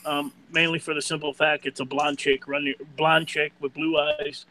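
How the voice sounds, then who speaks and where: A man's voice: a little high, flat delivery, normal speed, bright, forceful tone, rough recording. A man on a casual comic book podcast panel, talking jokily and tripping over repeated words. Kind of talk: casual chat reviewing comics.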